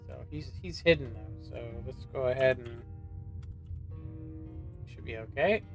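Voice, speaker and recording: A man in his forties giving casual, rambling gameplay commentary in a monotone voice while streaming. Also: mid-range voice. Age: 40s. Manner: monotone, rambling, self-doubting.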